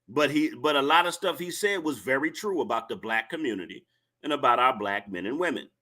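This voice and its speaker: A man's voice: mid-range voice, bright, forceful tone. A man hosting a livestream, scolding and lecturing his viewers in a repetitive rant. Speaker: livestream host. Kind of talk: ranting commentary to a live chat.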